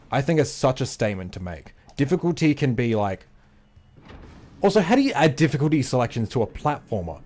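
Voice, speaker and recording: A man's voice: mid-range voice, big pitch swings, brisk, darkish tone. A male game streamer talking casually while he plays, rambling and opinionated, with lots of fillers and some swearing. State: out of breath. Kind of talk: casual gaming livestream chat.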